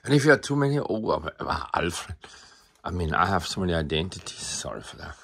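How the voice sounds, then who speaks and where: A man's voice: low-pitched, very animated, fairly quick, creaky, a bit bright, slightly rough. A man, an artist musing aloud in a rambling, profane, self-interrupting monologue.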